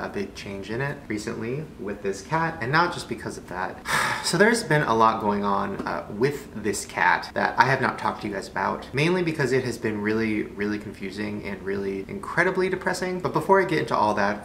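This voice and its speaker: A man vlogging from home in casual chat, excitable and jokey, swearing freely. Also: medium pitch. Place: at home indoors. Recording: echoey room, faint background noise.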